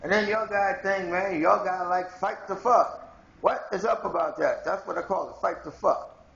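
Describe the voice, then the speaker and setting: A man's voice: high-pitched, normal speed, vocal fry, a bit bright, reverberant, dull audio. A man from Haiti delivering a rambling, confrontational monologue straight to his viewers in a home video blog. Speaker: video blogger. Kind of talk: ranting monologue to camera.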